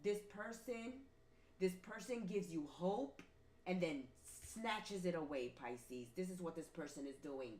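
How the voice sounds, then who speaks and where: This tarot reader has a lowish, slightly mellow voice with lively intonation, and she talks a little slowly. Reading cards for her viewers, she repeats points emphatically, much like a preacher, in a roomy recording with faint background noise.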